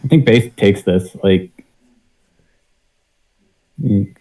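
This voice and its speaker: Male panelist, low relaxed voice, rambling think-aloud delivery. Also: extremely slow, poor audio. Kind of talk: casual panel chat.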